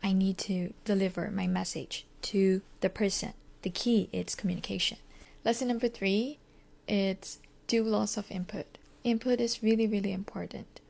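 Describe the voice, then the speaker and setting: A young woman from Korea with a Korean accent, talking candidly in a soft, half-whispered way on her English-learning podcast, with small grammar slips. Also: medium pitch, steady tone, normal speed, vocal fry. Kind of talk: casual personal monologue.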